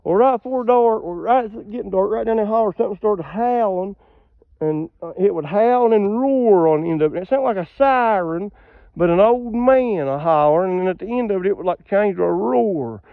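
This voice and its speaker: A man rambles through folksy tales outdoors, chuckling as he goes. His voice sits high for a man, and the phone audio is dull and lo-fi. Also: animated, moderate pace, gravelly, dry recording. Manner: rambling, folksy, laughs at his own stories. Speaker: outdoorsman showing hunting land. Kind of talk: casual storytelling to camera. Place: outdoors on a ridge trail.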